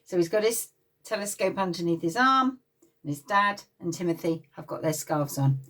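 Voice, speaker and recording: This English-accented woman has a lowish voice and sounds far from the microphone. She reads a picture book to young children at playgroup in a lively, expressive way, frequently stopping to talk with them and draw them in.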